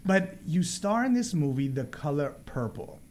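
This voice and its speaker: Playful, lively-voiced radio talk host man. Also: a little high, normal speed, a little hiss or hum. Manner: playful, chatty, laughs easily. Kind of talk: casual radio interview.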